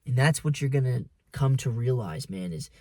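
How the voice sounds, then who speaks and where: A man speaks in a loose, preachy monologue, cursing freely and calling the listener "man" and "dude". His voice sits at an ordinary middle pitch. It is recorded dry and close, with no room echo. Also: lively intonation, normal speed, a little mellow. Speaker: vlogger. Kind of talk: casual monologue.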